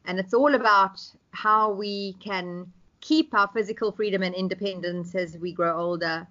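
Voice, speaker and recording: A woman's voice: mid-range voice, moderate pace, sharp tone. A woman in her fifties with a South African accent chats as a podcast guest. She speaks thoughtfully, hesitating with ums and restarting phrases. Her voice comes through a dull, lo-fi remote connection. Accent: South African English. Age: 50s. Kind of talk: conversational interview.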